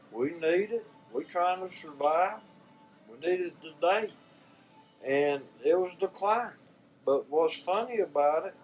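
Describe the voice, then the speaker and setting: An older Southern US man with a slightly high voice is heard in poor audio. As a vlogger, he talks casually and sincerely to his viewers, rambling in a folksy manner and frequently repeating words.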